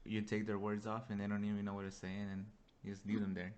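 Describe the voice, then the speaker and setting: A man's voice: lowish voice, monotone, fast, darkish tone. A young adult man co-hosting a podcast, laid-back and agreeable, tossing in joking asides. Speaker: podcast co-host. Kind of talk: casual chat.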